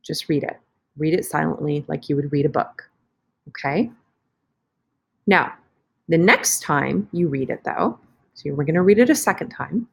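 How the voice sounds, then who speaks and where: A woman's voice: low-pitched, moderate pace, vocal fry, long pauses, slightly rough. Chatty woman teacher narrating a screen lesson. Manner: casual, chatty, self-correcting while clicking around. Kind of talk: screen-recorded online lesson walkthrough. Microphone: computer mic for screen recording.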